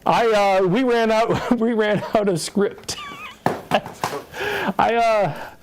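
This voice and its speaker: A man's voice: high-pitched, fairly even intonation, slow pace, a little hiss or hum. A man hosting a fantasy sports podcast in casual chat, rambling with frequent laughs and trailing off mid-sentence. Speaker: podcast host.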